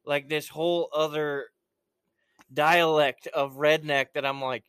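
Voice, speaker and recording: A man's voice: on the high side, flat delivery, unhurried, a bit bright, smooth, dry recording, studio quality. A man hosting a casual podcast chat, telling rambling, profane stories.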